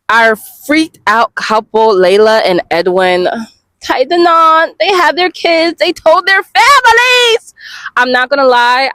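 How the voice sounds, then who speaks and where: A woman giving a casual, expressive reaction review of comics, swearing freely and talking straight to her viewers. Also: on the low side, dry recording. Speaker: webcomic reviewer.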